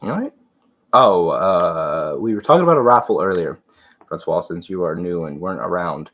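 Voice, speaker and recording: This livestream host is a man whose low, congested voice comes across animated and a bit bright at normal speed. While painting miniatures, he gives casual, rambling commentary, trailing off and muttering mid-task.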